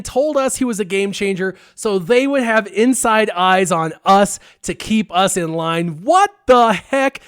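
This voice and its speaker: An excitable man hosts a gaming channel and tells a story to his viewers in a casual, animated way. His voice sits a little high for a man. The sound is close and dry. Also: smooth, dry recording. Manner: excitable and animated, stressing words for effect.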